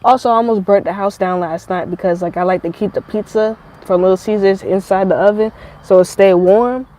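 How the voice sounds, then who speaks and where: A woman's voice: medium pitch, a little fast, low-quality recording. A woman vlogger telling rambling, profane stories in a casual monologue. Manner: profane, rambling, animated storytelling.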